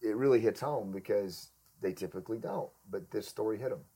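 A man's voice: fairly low pitch, brisk, warm tone, breathy edge. A man hosting a podcast interview, asking long rambling questions and affirming his guest. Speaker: podcast host. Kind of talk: casual interview conversation.

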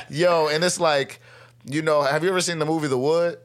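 A young man telling a story in casual chat, slangy and animated, acting out what people said and laughing often. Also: a little high, moderate pace. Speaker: guest, rapper.

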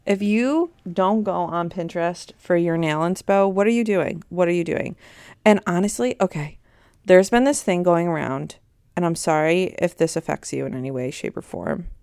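A woman's voice: fairly low pitch, normal speed, vocal fry, a little mellow, clear, resonant tone, no echo, clean studio sound. A woman in her thirties hosting a podcast in a rambling, chatty way, easily sidetracked mid-sentence. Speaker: podcast host. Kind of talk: casual chat.

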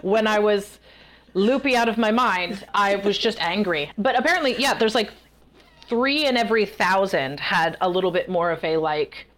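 A woman guest author in a casual interview, telling stories in a chatty, animated way. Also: mid-range voice, moderate pace. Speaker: guest author and festival performer.

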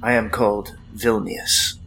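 Battered apprentice wizard, guarded and weary, low quiet voice, put on by a man. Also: flat delivery, a little slow, faint music behind, poor audio. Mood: wary.

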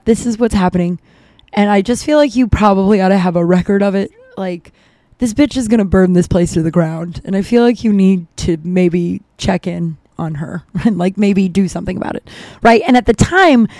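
A woman's voice: medium pitch, a little mellow, no room sound. Chatty rambling woman, dry close sound. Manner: chatty, rambling, lots of "like" and asides. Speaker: podcast host. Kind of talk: casual storytelling chat.

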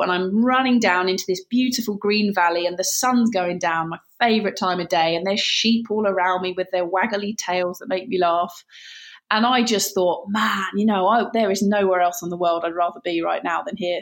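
A woman from Britain, a guest in an interview, telling stories in a chatty way with many restarts and laughs. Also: medium pitch. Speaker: guest, barefoot runner. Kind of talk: animated storytelling interview.

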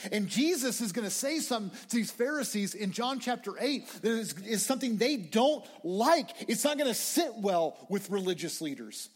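A young man preaching a conversational, excitable sermon to students, often restarting his phrases. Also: sits high, normal speed, few pauses, slightly rough. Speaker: campus minister. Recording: hall reverb.

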